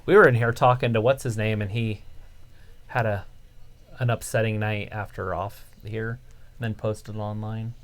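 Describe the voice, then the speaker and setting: Very low-voiced woman calling wrestling. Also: normal speed. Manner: relaxed, wonders aloud, calls the action. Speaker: live stream co-host. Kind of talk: casual chat and play-by-play of wrestling.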